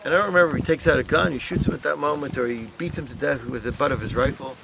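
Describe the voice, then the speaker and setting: A man guiding a tour group outdoors, telling a story in a lively way and acting out the voices. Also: medium pitch, very fast, gravelly, noisy background. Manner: animated, acts out voices in stories. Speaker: tour guide. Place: outdoors at a memorial site.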